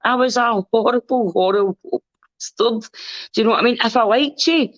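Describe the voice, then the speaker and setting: A woman's voice: on the high side, a little fast, no room sound. A Scottish woman speaking as a podcast guest in casual chat, rambling and candid and swearing freely. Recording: dull lo-fi recording.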